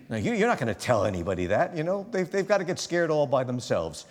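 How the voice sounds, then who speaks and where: A man's voice: medium pitch, fast, hardly any pauses. A man teaching a chamber music master class, talking animatedly and acting out small quoted lines as he coaches the players. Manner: animated, talks with his hands in phrases, acts out little quoted voices. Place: concert hall or large studio at a music school. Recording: long hall reverb.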